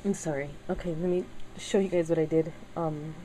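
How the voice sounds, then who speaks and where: Soft-spoken woman crafter with a low, mellow voice. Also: level tone, a little hiss or hum, low-quality recording. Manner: halting, many fillers, emotional and teary. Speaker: crafting channel host. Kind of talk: casual craft video chat.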